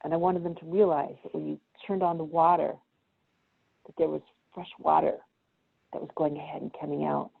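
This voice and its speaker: Low gravelly woman on a tinny call. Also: a little fast. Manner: animated storyteller who acts out quoted voices. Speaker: guest speaker. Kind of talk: casual storytelling chat. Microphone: video call. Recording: tinny phone-like call audio.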